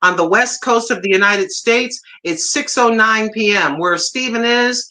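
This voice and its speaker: A woman from Puerto Rico hosting a casual livestream chat, talking in an excited, effusive way and repeating herself. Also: a little high, a little slow. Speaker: livestream host.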